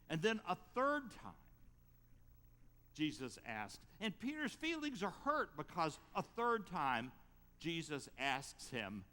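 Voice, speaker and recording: A man delivering a sermon at an unhurried pace, his pitch lifting and falling expressively as he tells the story. His voice rings out with a long reverb, as in a church sanctuary. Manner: storytelling, lively rises and drops. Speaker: pastor.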